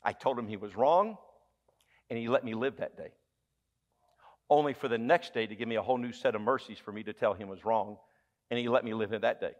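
A man with a Southern US accent preaching a sermon as pastor, emphatic and humorous, dropping from loud exclamations to hushed lines and asking the congregation questions. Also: mid-range voice, a little fast, long pauses, lo-fi sound. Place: church sanctuary.

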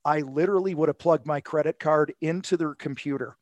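A man telling a sales story in casual podcast talk, acting out the people he quotes with lively energy. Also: a little high, a little fast, no room sound, dull audio. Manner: animated storytelling, acts out quotes. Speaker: sales coach guest.

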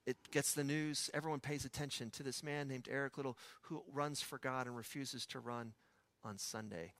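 A man's voice: medium pitch, steady tone, normal speed, a bit bright, dry recording. A man preaching a sermon in a conversational way, asking his listeners rhetorical questions.

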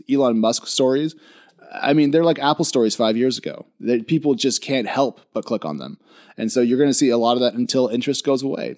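A man's voice: medium pitch, darkish tone. A man speaking as a podcast guest, explaining at length in casual chat, with frequent ums and restarts and a sleepy morning voice.

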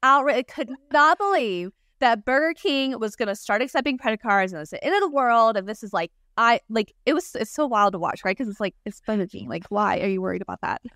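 A woman's voice: a little high, expressive, fairly bright tone, no room sound, studio quality. Chatty woman in her forties, podcast co-host. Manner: chatty, tells quick anecdotes with light laughter. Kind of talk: casual conversational podcast chat.

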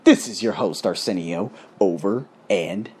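A man hosting his own podcast, giving an exuberant motivational monologue that swings from loud, excited bursts to low, calm talk. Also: measured pace, breathy edge. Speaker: podcast host.

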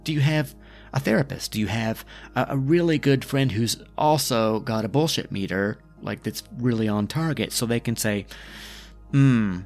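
A man hosting a reflective self-help podcast, speaking gently and asking the listener questions as he coaches. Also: medium pitch, moderate pace, faint music behind. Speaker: podcast host. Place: lives in Scotland.

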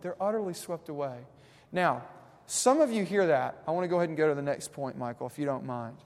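A man preaching a sermon as pastor, moving between hushed, reflective passages and emphatic, rising points, with casual conversational asides. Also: fairly high pitch, brisk, big-room sound.

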